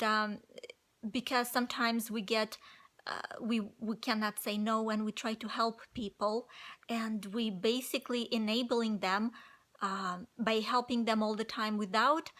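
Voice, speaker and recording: A woman with a fairly high, slightly nasal voice and a non-native English accent talks to her viewers about staying positive. She rambles casually, restarting phrases and leaning on fillers as she goes. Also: fairly bright tone. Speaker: vlogger. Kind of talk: casual motivational talk to camera.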